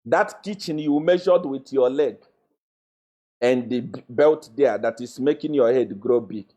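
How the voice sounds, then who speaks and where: A man's voice: medium pitch, unhurried, mellow. A young man gives a confrontational live-stream monologue as a self-styled prophet. He mocks and accuses, repeating his phrases and laughing with scorn. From Zambia.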